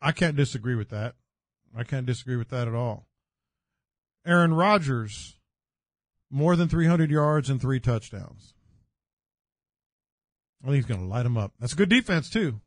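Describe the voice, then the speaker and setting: A man's voice: mid-range voice, lively intonation, normal speed, long pauses, no echo. An older man, a sports radio co-host, gives confident predictions and football history, stumbling through fillers as he talks. His voice is close and dry, recorded in a studio. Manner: confident, hesitant fillers, storytelling. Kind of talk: casual sports radio chat.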